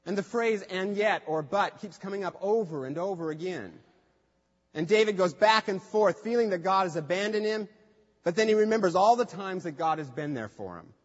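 A man's voice: high-pitched, expressive, fairly quick. A man preaching a sermon in a conversational way, acting out quoted voices with light humor. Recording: dull lo-fi sound with long hall reverb.

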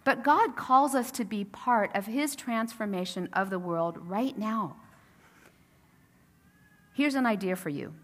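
A woman's voice: mid-range voice, animated, measured pace, pauses often. A woman pastor preaching a sermon in a casual, storytelling way, acting out the quotes. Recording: long reverb of a church sanctuary.

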